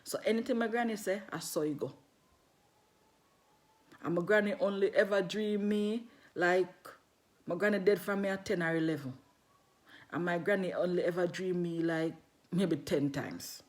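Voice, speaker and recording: A woman's voice: fairly low pitch, moderate pace, long pauses. A middle-aged woman, telling a personal story casually with patois and frequent laughter. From London.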